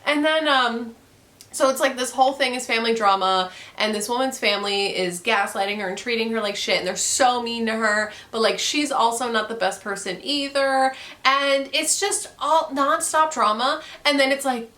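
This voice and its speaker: A woman's voice: on the high side, moderate pace, fairly bright tone. A young woman in a casual book review chat, ranting with frequent swearing and laughter. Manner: profane, ranting, laughs often.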